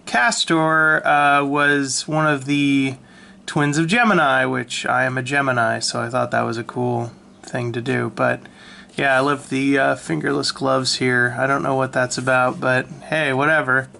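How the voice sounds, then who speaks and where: A man casually talking through his old sketchbook, relaxed and self-mocking, with lots of ums and restarts, recorded on a handheld camera. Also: medium pitch, measured pace, gravelly. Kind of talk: casual rambling commentary. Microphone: handheld camera mic.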